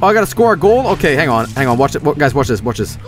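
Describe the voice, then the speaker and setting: A man streaming a game, joking crudely and reacting with excitement. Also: medium pitch, rapid-fire. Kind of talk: live game commentary. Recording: game music behind.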